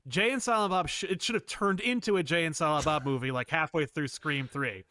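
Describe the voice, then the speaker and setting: A man co-hosting a comic book podcast in a casual, animated chat. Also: on the high side, fairly quick, dry recording. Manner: animated, jumps into quoted voices and laughs. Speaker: podcast co-host.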